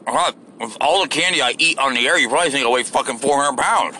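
Brash, bright-voiced swearing ranter. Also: male voice, medium pitch, fast, slightly rough. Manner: crude, sarcastic, swears constantly. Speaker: podcast host. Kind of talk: profane off-the-cuff rant.

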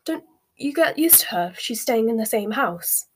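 An awkward, reluctant teenage boy wizard, voiced by a woman reader, hesitant when he speaks. The voice is slightly breathy. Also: fairly high pitch, expressive, normal speed.

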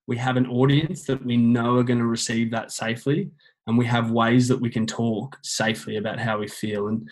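A man's voice: mid-range voice, darkish tone, low-quality recording. A man, speaking earnestly as a guest about men opening up, often repeating phrases as he explains. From Australia. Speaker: guest on men's mental health. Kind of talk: casual conversational interview.

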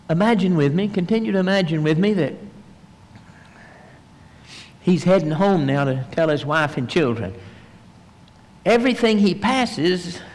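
A male pastor preaches in a sanctuary, and his voice carries a long reverb through the hall. He speaks a little high for a man and tells the story vividly, acting out the voices of its people. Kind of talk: sermon.

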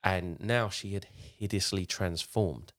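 A man with a very low, deep voice spins a long tale in a relaxed podcast chat. He wanders and restarts his sentences as he goes, keeping it casual. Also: slow pace. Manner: rambling, with frequent restarts while retelling a tale. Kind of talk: casual storytelling.

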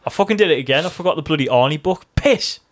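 A man's voice: on the high side, animated, very fast. Sweary joking North East English man. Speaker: podcast co-host. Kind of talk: casual podcast banter.

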